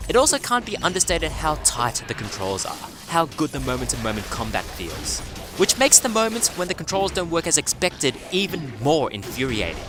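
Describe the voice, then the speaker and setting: Sardonic man narrating a review. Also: medium pitch. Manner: dry, sardonic delivery. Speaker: game reviewer. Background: music.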